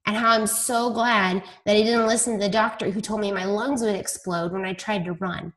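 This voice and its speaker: A woman's voice: mid-range voice, steady tone, normal speed, fairly bright tone. A woman leading her team call, telling stories in a chatty, self-deprecating way. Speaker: team leader on a coaching call. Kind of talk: casual team call talk.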